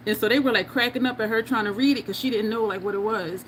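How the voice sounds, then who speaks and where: A woman's voice: on the high side, fast, slight background noise. A woman hosting a casual makeup livestream, chatting, laughing often and reading viewer comments aloud. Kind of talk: casual livestream chat while doing makeup.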